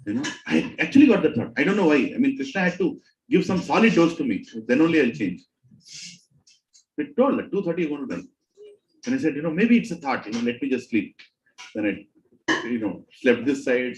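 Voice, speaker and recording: A man giving a dramatic, animated storytelling talk to a spiritual group. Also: medium pitch. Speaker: satsang speaker. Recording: roomy hall echo.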